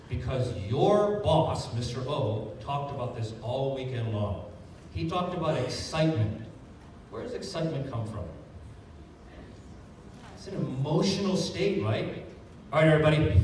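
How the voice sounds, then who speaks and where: A man giving a sales training talk to an audience, energetic and jokey, recorded from a distance in a large echoey hall. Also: on the high side. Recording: echoey hall, distant mic, faint room noise.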